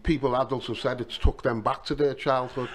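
A man's voice: medium pitch, brisk. Middle-aged man, Liverpool accent, podcast guest. Casual storyteller, easygoing and conversational. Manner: relaxed storytelling with many "you know" asides. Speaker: author and taxi driver.

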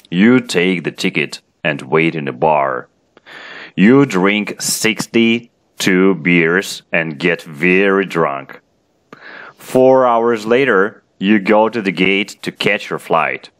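A man's voice: sits low, slow, fairly bright tone. A man whose first language is Russian, teaching English in an online lesson by reading a story aloud and asking questions. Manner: reads a story aloud, then asks questions.

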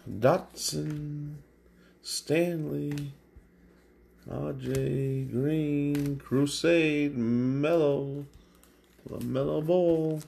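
A man's voice: a little high, steady tone, very slow, gravelly, noisy background. A man hosting a card break, calling out card names one at a time as he opens packs. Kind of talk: live card-break commentary. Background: crinkling and tearing of packs.

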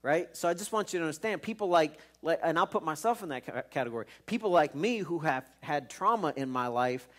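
A man preaching to his congregation as pastor, telling the story in a loose, conversational way. He stumbles and repeats words as he goes, and his voice sits slightly on the higher side. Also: animated, brisk, few pauses, fairly bright tone. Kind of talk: sermon.

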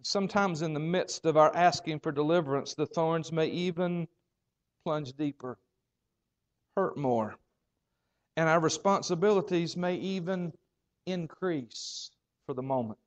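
A man preaching a sermon as pastor, building phrases through repetition and dramatic pauses. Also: fairly high pitch.

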